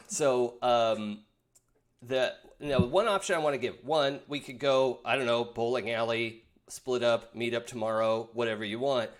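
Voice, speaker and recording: Male game master, tabletop role-play, hesitant, lots of ums, mid-pitched voice. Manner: halting, with many fillers and laughs.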